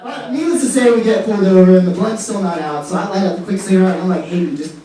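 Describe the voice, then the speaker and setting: A man telling a story in a stand-up set, bouncing into the voices of the people he quotes. His voice is high for a man. He is heard from afar in a very echoey room, with faint noise behind. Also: quick pace, distant mic. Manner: animated, acts out quotes. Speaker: stand-up comic.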